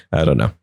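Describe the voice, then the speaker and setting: A man's voice: dry recording, clean studio sound. A man hosting a podcast, riffing in a rambling, jokey way. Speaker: podcast host. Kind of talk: casual comedic riffing.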